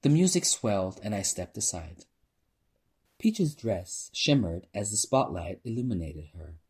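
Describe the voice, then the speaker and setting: Husky man reading a novel aloud. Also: on the low side, big pitch swings, measured pace, a little mellow. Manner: informal reader who stumbles and restarts. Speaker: narrator.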